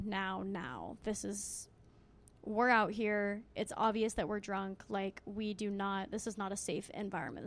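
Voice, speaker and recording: A young woman co-hosting a casual chat, telling an animated story full of swearing and filler "like"s. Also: medium pitch. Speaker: co-host.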